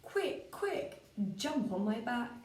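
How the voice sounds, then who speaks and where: A woman doing a squeaky, hurried cheeky bunny. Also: sing-song. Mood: urgent. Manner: hurried, repeated urging. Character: hungry, cheeky bunny urging in a squeaky rush. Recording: roomy, from a distance.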